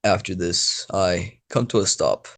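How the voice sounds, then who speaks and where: Gravelly low-voiced man rambling a story. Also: unhurried, a bit bright. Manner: rambling, profane, laughs often. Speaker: storyteller YouTuber. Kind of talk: casual improvised storytelling.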